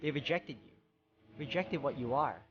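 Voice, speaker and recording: A man voicing a female witch spirit in a video game, speaking quietly with taunting, insinuating questions. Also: a little high, moderate pace, slight background noise, natural voice. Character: female witch spirit, cold, scornful and tempting. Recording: slightly dull, muffled sound.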